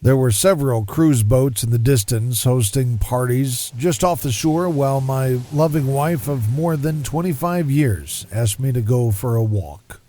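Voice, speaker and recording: Middle-aged guy doing a podcast, reading his story slow and descriptive, warm mellow voice. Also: medium pitch. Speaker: podcast host. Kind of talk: scripted narration. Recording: soft music underneath.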